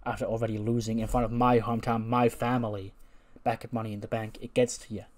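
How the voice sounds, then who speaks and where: A man's voice: mid-range voice, flat delivery, fast, darkish tone, close to an everyday voice. A man doing a mopey, self-pitying wrestler. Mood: gloomy.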